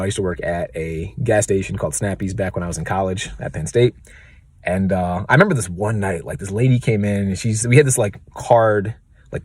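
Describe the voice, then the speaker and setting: A man's voice: lowish voice, breathy edge, dry recording, clean studio sound. A young man from the United States ranting casually in a vlog, rambling with lots of fillers. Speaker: real estate advisor vlogger.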